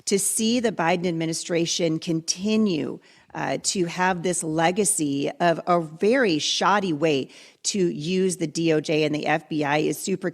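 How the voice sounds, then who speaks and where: A woman's voice: fairly low pitch, creaky. A woman guest commentator on a political talk show, speaking in an emphatic, indignant way.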